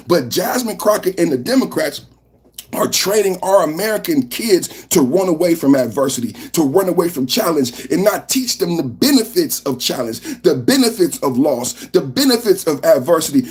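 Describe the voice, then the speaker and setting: A man hosts a live political reaction stream in a loud, fired-up, preachy way. His speaking voice sits high for a man. He hammers his points over and over. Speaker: podcast host.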